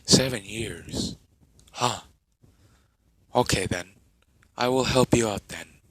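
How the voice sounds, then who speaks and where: A man's voice: medium pitch, slow, no room sound. A man voicing an ancient, emotionless being who speaks in a soulless, formal way. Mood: detached. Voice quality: soulless flat tone. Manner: calm, formal, detached. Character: ancient emotionless male being, childlike look.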